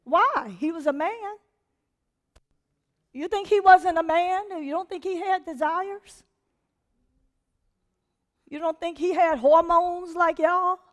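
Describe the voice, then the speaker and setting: High-voiced woman preaching conversationally. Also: takes it slowly, long pauses. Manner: animated, conversational preaching with laughter and acted-out quotes. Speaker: preacher and teacher. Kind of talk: sermon.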